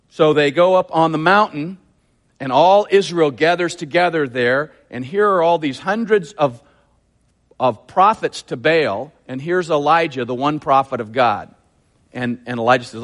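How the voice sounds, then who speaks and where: A man preaching a sermon, retelling a scripture story with lively, acted-out quotes. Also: on the high side, moderate pace. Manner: animated, acts out quotes in a raised voice. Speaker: pastor.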